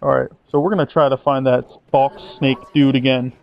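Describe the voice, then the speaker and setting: A man's voice: medium pitch, fairly even intonation, brisk, gravelly, dull audio. A man commentating over his own video game playthrough, sarcastic and mock-dramatic, swearing casually. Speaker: gameplay commentator. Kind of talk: sarcastic let's-play commentary.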